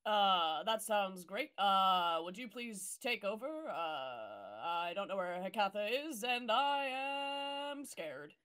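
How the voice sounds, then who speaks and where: A woman's voice: medium pitch, expressive, slow, hardly any pauses, fairly bright tone, clean tone. A woman voicing a nervous, overwhelmed male ship captain who speaks hesitantly. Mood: scared.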